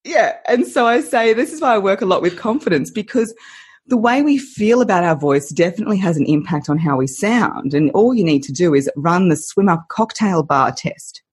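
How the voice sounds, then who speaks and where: A woman voice coach on a podcast interview, expressive and playful, laughing often and using lively analogies. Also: lowish voice, moderate pace, breathy edge.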